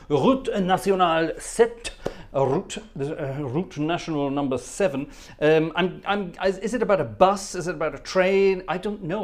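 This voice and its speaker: A man hosting a live stream, chatting casually, reading out viewer comments and stumbling over French with self-deprecating humor. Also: mid-range voice. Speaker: livestream host. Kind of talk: casual livestream chat. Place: home studio.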